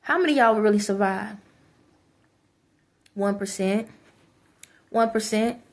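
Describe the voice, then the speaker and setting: A woman's voice: medium pitch, unhurried. A woman giving a preachy, scolding monologue to her viewers, repeating phrases for emphasis. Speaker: vlogger. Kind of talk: ranting monologue to camera.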